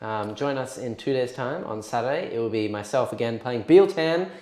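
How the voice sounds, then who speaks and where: A man's voice: medium pitch, normal speed, mellow. Chatty man in an echoey room. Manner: chatty, rambling, self-deprecating, laughs often. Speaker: host of a wargaming channel. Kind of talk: casual post-game chat.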